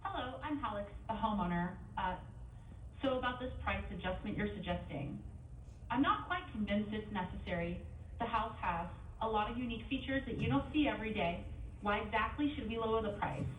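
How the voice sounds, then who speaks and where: A woman's voice: medium pitch, fairly quick, a little hiss or hum. Female-sounding AI voice as a doubtful homeowner. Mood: skeptical. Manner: calm, polite, questioning. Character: AI voice role-playing a skeptical homeowner. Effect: text-to-speech voice. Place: played over speakers in a conference hall. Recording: echoey hall, voice from far off, faint ambience.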